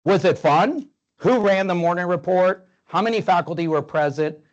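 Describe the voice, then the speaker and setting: Man in his fifties, higher-pitched, talky professor lecturing residents. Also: normal speed, lo-fi sound. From Tampa, Florida. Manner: conversational, asks rhetorical questions, fillers. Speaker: medical professor giving grand rounds.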